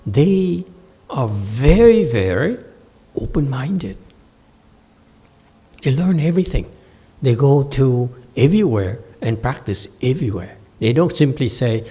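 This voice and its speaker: A male Buddhist teacher lectures on a sutra at an unhurried pace and a middle pitch. He stops often to check that his listeners follow, fills pauses with hesitations, and teases the audience in playful asides. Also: big pitch swings, dark tone, slightly rough. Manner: slow, halting with many fillers, asks listeners to confirm. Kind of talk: Dharma lecture. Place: meditation center hall.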